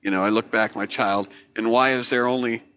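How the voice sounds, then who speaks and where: A man's voice: mid-range voice, steady tone, fairly quick, bright, forceful tone, slight background noise. A man co-hosting a casual comedic chat, rambling through jokes and acting out little bits. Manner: rambling joke-teller, acts out bits. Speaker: podcast co-host.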